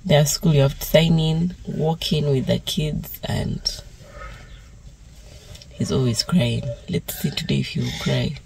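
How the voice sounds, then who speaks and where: A young woman from Uganda talking casually to her phone camera in a vlog, chatty and often sliding into soft half-whispered asides. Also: deep voice, measured pace, gravelly, slight background noise, poor audio. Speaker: vlogger.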